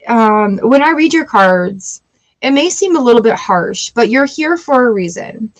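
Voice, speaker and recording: A woman's voice: on the high side, lively intonation, a little slow. A woman giving a live-streamed tarot reading in a chatty, emotional way, weepy and laughing often. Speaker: tarot reader.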